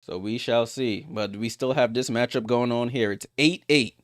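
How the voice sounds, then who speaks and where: A man giving live play-by-play of a basketball game as a streamer, getting louder on big plays and greeting viewers in the chat. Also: normal speed, no echo, clean studio sound. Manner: rises sharply in pitch and volume on big plays.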